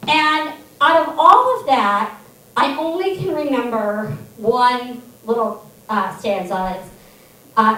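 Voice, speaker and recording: High-voiced woman doing stand-up in an echoey hall. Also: slow pace, far from the mic. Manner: animated, self-deprecating, wry. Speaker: student stand-up comedian. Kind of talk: stand-up storytelling. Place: comedy theater stage.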